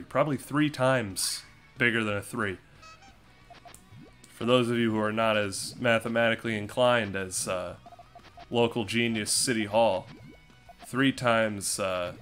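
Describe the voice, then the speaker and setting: A man's voice: fairly low pitch, pushed and bright. A young man giving casual commentary on a puzzle game he is playing, with playful, sarcastic trash talk aimed at his opponent. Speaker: gaming streamer.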